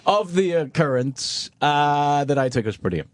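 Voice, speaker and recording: Animated man telling a story. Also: a little high, measured pace, no room sound. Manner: animated anecdote with voices, lots of swearing. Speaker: guest.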